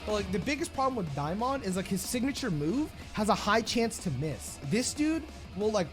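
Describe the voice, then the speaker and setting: A man hosting a video essay, giving crude comedic commentary in a blunt, jokey way. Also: moderate pace. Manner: blunt, crude, jokey, with lively swings of pitch. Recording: voice-over with loud music behind.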